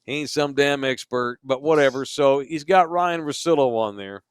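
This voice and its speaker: A man's voice: medium pitch, moderate pace, clean tone, no room sound. A man co-hosting a sports podcast from a bar studio, ranting emphatically with plenty of profanity. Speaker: podcast co-host. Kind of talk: casual sports podcast rant.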